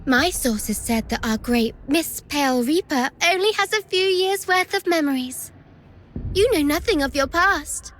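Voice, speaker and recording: High-voiced, unhurried game villainess who taunts her captives with sing-song sarcasm. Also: animated, a bit bright. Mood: taunting. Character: mocking treacherous young woman, gleeful villain. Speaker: game character. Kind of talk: video game voice acting.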